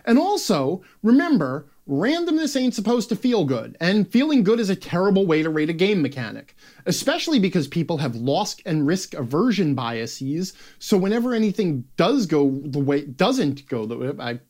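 A man reading his own game design column aloud as a rant, sarcastic and profane, lurching between loud outbursts and muttered asides. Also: high-pitched, very animated, moderate pace. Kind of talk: ranting read-aloud of a written column.

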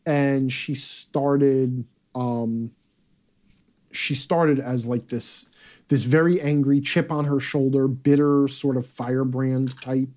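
A man's voice: mid-range voice, darkish tone. A man hosting a live chat, talking bluntly and casually with profanity and rambling asides. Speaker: host.

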